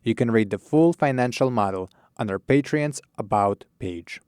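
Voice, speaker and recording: A man reading a measured, scripted announcement for a podcast. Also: mid-range voice, expressive, a little mellow, clear, resonant tone, no room sound, clean studio sound. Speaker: podcast narrator. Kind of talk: scripted narration.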